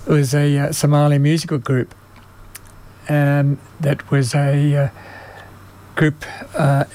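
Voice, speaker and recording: A man presenting music on the radio, speaking haltingly with many pauses and fillers, and losing his voice. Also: a little high, flat delivery, dark tone. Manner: halting, many ums and uhs. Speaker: radio music show host.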